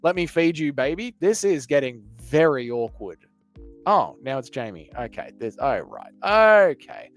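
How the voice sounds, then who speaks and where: A man runs a casual live stream, answering viewers' chat with crude, teasing banter. His voice sits slightly high, and faint music plays underneath. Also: sing-song, a little slow. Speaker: livestream host reading chat.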